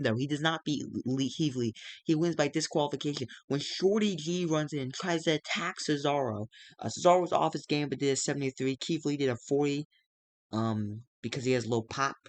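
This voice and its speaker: A young man casually recapping a wrestling management game, narrating the matches and now and then putting on quick voices for the wrestlers. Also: no echo. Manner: recaps matches and briefly acts out wrestlers' lines in quick, squeaky outbursts. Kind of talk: casual let's-play narration.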